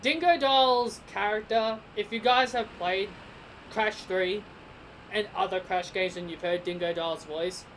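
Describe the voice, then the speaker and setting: A man's voice: high-pitched, measured pace, a bit bright, a little hiss or hum, rough recording. Rambling Australian man reviewing a game. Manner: rambling, speculative, thinking aloud. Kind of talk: casual spoken game review.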